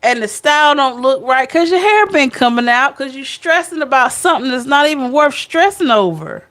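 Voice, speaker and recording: A woman's voice: sits high, expressive, moderate pace, fairly bright tone. A woman giving a casual tarot reading, chatty, blunt and playful, speaking straight to her viewers. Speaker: tarot reader.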